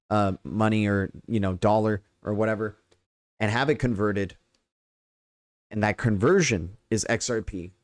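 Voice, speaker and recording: An American man hosting a casual livestream, rambling and checking in with "right?" as he explains. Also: fairly low pitch. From United States. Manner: rambling, repeats "right?", many fillers. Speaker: crypto livestream host.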